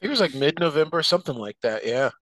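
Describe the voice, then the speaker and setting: A man's voice: fairly high pitch, animated, fast, a bit bright. A man co-hosting a rock podcast in casual chat, earnest and loose, with lots of fillers. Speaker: podcast co-host.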